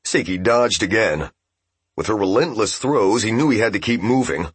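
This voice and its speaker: Husky low-voiced male audiobook narrator. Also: normal speed, no room sound. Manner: steady, even storytelling.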